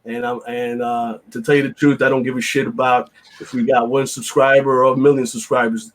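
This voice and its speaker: A man's voice: mid-range voice, flat delivery, fairly quick. A man, hosting a casual podcast chat in a blunt, rambling, profane way with lots of fillers. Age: 50s. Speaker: podcast host.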